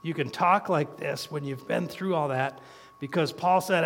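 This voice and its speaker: A man's voice: on the high side, measured pace, vocal fry, fairly bright tone. A middle-aged man preaching a sermon in a folksy way, chuckling between points. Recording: long hall reverb.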